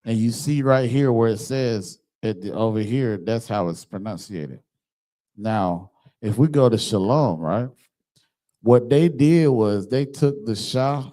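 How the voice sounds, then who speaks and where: A man's voice: medium pitch, warm tone. A man, teaching an online class over a computer microphone in an emphatic manner and often checking that his listeners follow. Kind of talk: online scripture class with screen sharing.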